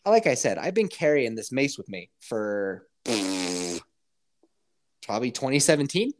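A man spins a comic tale with a lively, swooping voice that rises and drops all through the telling. His talk is casual and full of swearing, and he breaks into quick impressions of how others reacted. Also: mid-range voice, a little hiss or hum. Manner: animated, profane, acts out others' reactions.

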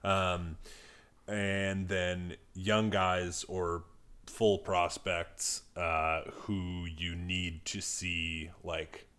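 Brief: deep-voiced male co-host, halting casual sports analysis with restarts. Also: flat delivery, a bit bright, smooth. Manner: halting, with restarts and trailing phrases. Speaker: podcast co-host.

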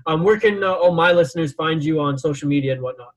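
A man from Canada, a podcast guest chatting casually and telling an excitable story. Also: a little high, fast talker. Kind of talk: casual chat.

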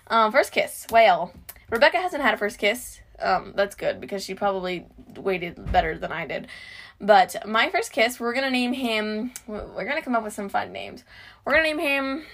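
A woman's voice: medium pitch, expressive, normal speed, fairly bright tone. A teenage girl co-hosting a casual podcast, chatting and giggling with many "like" fillers. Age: teens. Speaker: podcast co-host. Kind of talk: casual chat.

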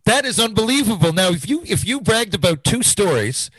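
A man hosts a relaxed podcast chat, encouraging his guest and reacting warmly to the story. His voice moves a lot in pitch and sounds dry and close to the mic. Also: a little fast, husky, no echo, rough recording. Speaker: podcast host. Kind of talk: casual interview.

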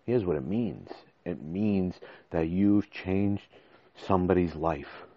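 A man in his forties hosts a podcast, delivering a casual monologue to listeners that's emotional and rambling, often restarting his words. His deep voice is slow. He uses a desk microphone, with no echo and the highs cut off.

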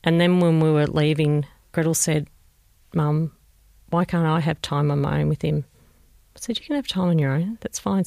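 In an interview, a bereaved Australian mother gently and reflectively recalls a painful family story, re-enacting what people said to her. Her low voice is gravelly, captured with studio quality and no room sound.

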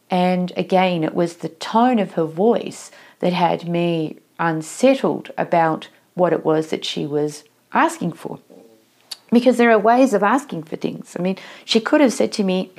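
A woman's voice: on the low side, measured pace, a little mellow. A woman giving a solo talk on workplace communication, reflective and asking listeners questions.

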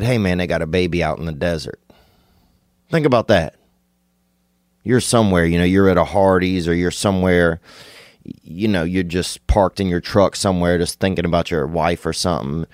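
A man from Louisiana with a very low voice rambles through a digressive comedic monologue, now and then leaping into high, excited bursts. The sound is dry and close, with no room echo.

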